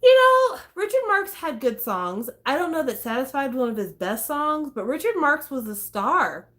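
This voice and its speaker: A woman's voice: sits high, big pitch swings, normal speed, a bit bright. A woman hosting a casual talk stream, chatty and swearing, breaking into snatches of songs. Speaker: host. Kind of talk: casual chat.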